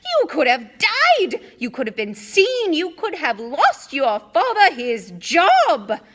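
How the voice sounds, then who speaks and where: A woman's voice: big pitch swings, unhurried, fairly bright tone, exaggerated voice. A woman reading aloud, voicing a fierce, scolding middle-aged witch mother who fusses over a guest. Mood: furious. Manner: shrill, scolding, then fussing kindly.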